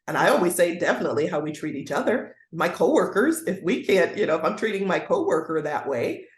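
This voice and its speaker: A woman's voice: fairly low pitch, sing-song, fairly quick. A woman guest educator speaking earnestly in a conversational interview, now and then acting out the voices she quotes. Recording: roomy echoey sound.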